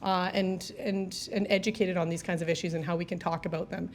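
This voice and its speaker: A woman giving a live speech at an event, slow and earnest, often restarting her sentences. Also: fairly low pitch, steady tone, slight background noise. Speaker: event speaker.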